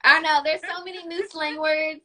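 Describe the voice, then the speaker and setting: High bright-voiced young woman guest. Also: level tone, normal speed. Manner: upbeat, says "like" often. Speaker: guest YouTuber. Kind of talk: casual interview chat.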